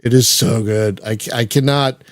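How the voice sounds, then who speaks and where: A man hosting a casual podcast chat, gushing and excitable, swearing freely. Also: medium pitch, normal speed, no echo, clean studio sound. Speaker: podcast host.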